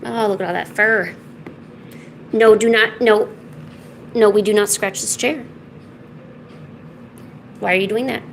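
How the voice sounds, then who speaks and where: A woman's voice: mid-range voice, moderate pace, gravelly, pauses often, a little hiss or hum, low-quality recording. A woman streaming while she draws, chatting casually and scolding her cat in a mock-stern way. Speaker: art streamer.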